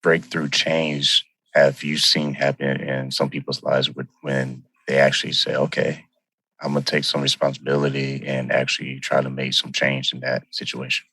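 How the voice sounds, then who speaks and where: A man with an extremely deep voice hosts the interview, recorded dry and close. He asks long questions haltingly, rephrasing them as he goes. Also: completely flat delivery, pushed and bright, slightly rough, dry recording, rough recording. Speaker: podcast host.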